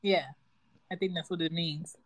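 A woman co-hosting a casual chat, talking in an animated, slangy way and quoting phrases. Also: lowish voice, dry recording. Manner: animated, slangy, jumps in with quick quotes. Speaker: podcast co-host.

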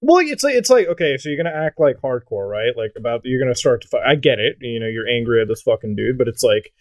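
A man's voice: medium pitch, very animated, fast talker, dry recording. Profane rambling man, dry sound. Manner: profane, rambling, laughs often. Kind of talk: casual chat.

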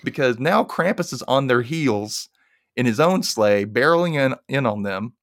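A man casually recapping a movie's plot, chatty and dropping into quick character voices. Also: medium pitch, lively intonation, fairly bright tone, no room sound, clean studio sound.

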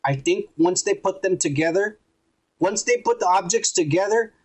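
Husky high-voiced man ranting through a recap. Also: normal speed. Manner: profane, rambling retelling with acted-out quotes. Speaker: podcast host. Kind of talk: casual recap of a TV episode.

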